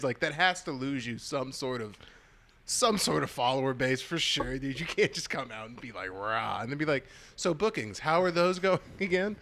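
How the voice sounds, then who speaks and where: A young man co-hosting a podcast in casual chat, excitable and laughing often. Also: medium pitch, moderate pace. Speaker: podcast co-host.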